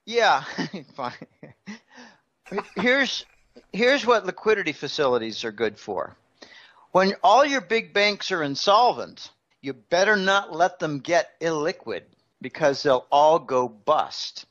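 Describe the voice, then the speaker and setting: A man's voice: high-pitched, big pitch swings, slow, pauses often, a bit bright, highs cut off. A man as a guest financial analyst, explaining markets in a conversational interview with everyday analogies.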